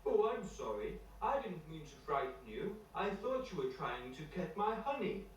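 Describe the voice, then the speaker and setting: Gruff but friendly male bear voiced by a man, storybook reading, distant mic with faint hiss. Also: on the high side, very animated, normal speed. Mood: apologetic. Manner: growls, then apologetic and hospitable. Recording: echoey room from far off, faint noise.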